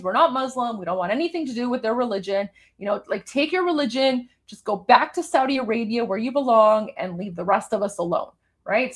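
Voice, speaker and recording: A woman from Iran hosts a live stream, talking through a clip in an emphatic, indignant way. Her voice sits a little high, and she keeps stopping to restart her sentences with plenty of fillers. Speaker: host. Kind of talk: live commentary on a video.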